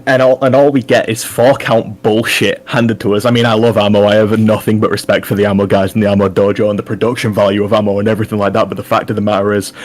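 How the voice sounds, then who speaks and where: A man cutting a furious, profane wrestling promo, demanding answers and ranting about being overlooked. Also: on the low side.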